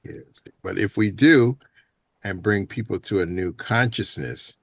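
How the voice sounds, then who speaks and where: A man speaks slowly in a very low, gravelly voice with a husky edge. He talks haltingly as host of a reflective discussion, repeating words and trailing off. The sound is dry and close. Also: a bit bright, no echo. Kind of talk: reflective panel talk.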